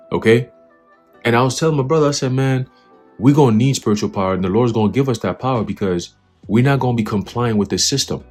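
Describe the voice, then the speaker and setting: A man's voice: medium pitch, a little mellow, husky. A man giving a fiery, profane religious commentary, reading from an article and mocking it with scornful laughs. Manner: profane, scornful, preachy, laughs at his own jabs.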